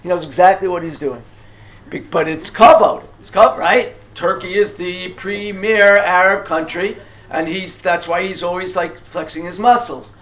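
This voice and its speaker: A man's voice: high-pitched, normal speed, a bit bright, roomy sound. A man leading a small group through history as a tour guide, chatty and full of questions to his listeners, with many fillers and restarts. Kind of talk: casual guided lecture.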